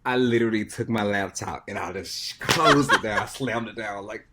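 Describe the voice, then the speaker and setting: A man, a podcast guest, telling a story in casual chat, animated and full of "like", dropping to a hushed voice for suspense. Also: on the low side, moderate pace, few pauses, a little hiss or hum. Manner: peppers speech with "like".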